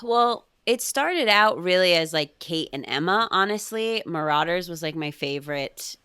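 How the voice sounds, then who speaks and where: A bubbly woman talking casually as a podcast guest, her voice low-pitched and warm with fillers scattered through. The sound is dry and close, with no room around it. She laughs easily between thoughts. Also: lively intonation, normal speed, clean tone, no echo.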